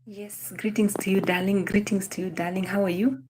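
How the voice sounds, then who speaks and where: On a casual live stream, a young Kenyan woman with a Kenyan accent greets viewers by name, repeats herself and mixes some Swahili into her English. Her mid-range voice is a little mellow with a flat delivery at normal speed, over slight background noise.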